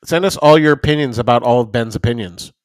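A man's voice: medium pitch, fast, dry recording, studio quality. A man co-hosting a casual podcast, rambling through stories and swearing freely, acting out other people's lines. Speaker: podcast co-host. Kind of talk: casual chat.

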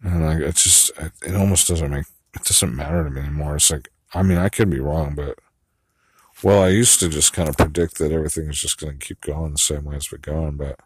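A man's voice: extremely low pitch, fairly even intonation, fairly quick, breathy edge, no echo, clean studio sound. A man rambling through a solo monologue, musing aloud and swearing often, with many fillers. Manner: musing and profane, with frequent fillers.

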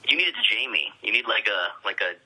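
A man's voice: fairly low pitch, expressive, fast, bright, forceful tone, breathy edge, poor audio. A man, a voice actor guest, chatting casually and animatedly about his work, laughing often. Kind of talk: casual interview chat.

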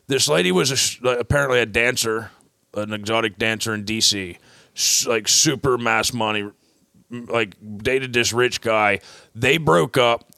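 A man with a very gravelly, creaky voice and a bright, forceful edge tells a rambling story on a casual podcast. He jumps into quoted voices as he goes. The sound is dry and close. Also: mid-range voice, no echo. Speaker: podcast host.

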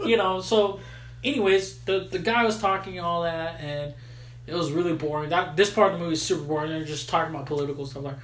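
A man's voice: on the high side, fast, fairly bright tone, roomy sound, slight background noise. A man hosting a podcast, casually recapping a film in slangy, swearing chat. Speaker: podcast host.

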